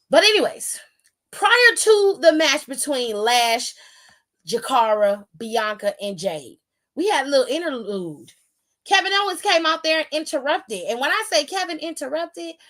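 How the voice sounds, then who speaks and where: A young woman host giving an animated, slangy recap, acting out what people said. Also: on the high side. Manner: lively storyteller, acts out quotes, slangy. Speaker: wrestling show recap host.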